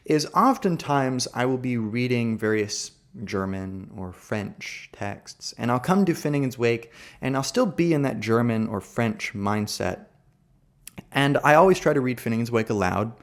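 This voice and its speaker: Thoughtful American man lecturing. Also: mid-range voice. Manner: thoughtful, explanatory. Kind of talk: literary lecture.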